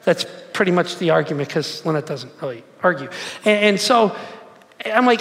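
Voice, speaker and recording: A high-voiced man in his forties preaches in a loose, chatty way, telling stories and asking the crowd questions. His voice carries a long echo from the hall. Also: fairly quick, a bit bright. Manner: conversational, storytelling, asks the crowd questions. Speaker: pastor. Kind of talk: sermon.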